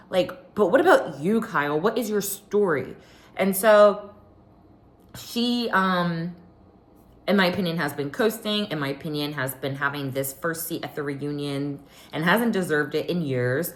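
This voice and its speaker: In a lowish, slightly slow voice, a young woman vlogs her recap of a reality show. It's casual and opinionated, with lively quoting along the way.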